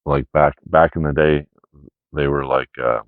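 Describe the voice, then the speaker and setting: Very deep-voiced man rambling casually. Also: steady tone, measured pace, dry recording. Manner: rambling with many fillers and repeated "right?". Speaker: media collection haul host. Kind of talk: casual unscripted video review. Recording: dry, dull lo-fi sound.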